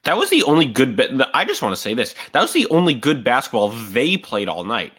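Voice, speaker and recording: A man's voice: mid-range voice, fairly quick, breathy edge. A man co-hosting a sports podcast, chatting casually and rambling with lots of restarts. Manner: animated, rambling with many restarts.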